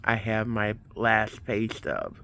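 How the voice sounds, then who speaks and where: Guy vlogging, slow and rambly, telling a story from his week, plays out both sides of the talk. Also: on the low side, very animated, vocal fry, bright, forceful tone, slight background noise. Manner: rambling, retells events with quoted back-and-forth. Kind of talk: casual storytelling vlog.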